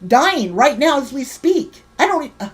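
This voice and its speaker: A woman with a high, sing-song voice hosts a livestream at a moderate pace. She rants heatedly and swears while greeting viewers in her chat by name.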